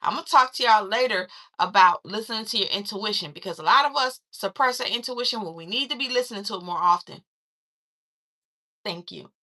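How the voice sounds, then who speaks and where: Woman w/ a bright higher voice, chatty movie recap, acts out the quotes. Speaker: film reviewer.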